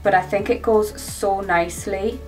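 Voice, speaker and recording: A woman's voice: mid-range voice, fairly even intonation, normal speed, a little mellow. A young woman chatting casually through a makeup tutorial, gushing with enthusiasm about each product. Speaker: beauty vlogger. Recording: mic at a distance, faint background music.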